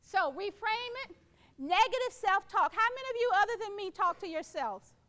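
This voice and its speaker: Middle-aged woman, keynote speaker; very high voice, encouraging and playful delivery. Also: animated, moderate pace, sharp tone. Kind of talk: motivational keynote speech.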